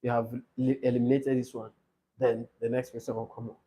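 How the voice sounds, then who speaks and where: A man's voice: medium pitch, flat delivery, fairly quick, mellow, slightly rough. A man tutoring a speaking-test session, explaining patiently and repeating his examples. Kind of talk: classroom coaching.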